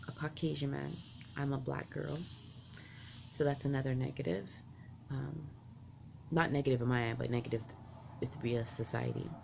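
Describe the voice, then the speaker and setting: A woman's voice: extremely low pitch, gravelly, darkish tone, slight background noise. A woman vlogger telling a personal story from her childhood, candid and rambling, full of "like" and restarts. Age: adult parent.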